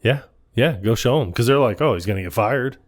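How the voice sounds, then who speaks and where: Animated man recapping a film. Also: mid-range voice, fairly quick. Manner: animated, quotes film scenes in funny voices, laughs often. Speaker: podcast co-host. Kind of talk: casual movie recap chat.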